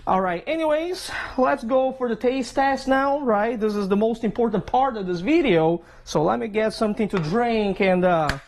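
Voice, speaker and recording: A fishing vlogger with a Philadelphia accent and a high voice chats through a casual cooking vlog in his home kitchen, eating and savoring between lines. He talks at a moderate pace with hardly any pauses, tagging lines with "okay?" and "right?".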